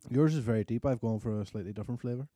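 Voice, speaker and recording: A young man, co-hosting a casual podcast chat and swearing freely as he gets animated. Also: medium pitch, racing, no room sound. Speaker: podcast co-host.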